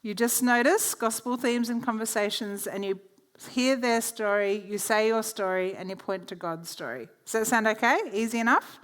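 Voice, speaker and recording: A woman's voice: on the high side, moderate pace, a bit bright. Chatty woman teaching a workshop. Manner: chatty storytelling, laughs easily. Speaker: workshop presenter. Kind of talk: teaching workshop talk with personal stories. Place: church.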